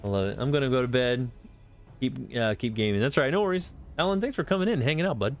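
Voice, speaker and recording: A man's voice: medium pitch, fast, soft background music. A man streaming a game, chatting casually in a rambling, profane way full of fillers. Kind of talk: casual live-stream chat.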